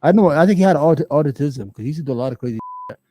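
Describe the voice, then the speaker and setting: A man's voice: on the high side, expressive, racing, warm tone. A man co-hosting a podcast, telling rambling crude stories in casual chat. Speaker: podcast co-host.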